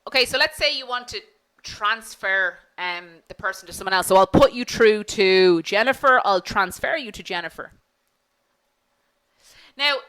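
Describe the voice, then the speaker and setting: A woman's voice: mid-range voice, bright, forceful tone, poor audio. A woman teaching an online business English class, polite and encouraging, acting out example phone phrases.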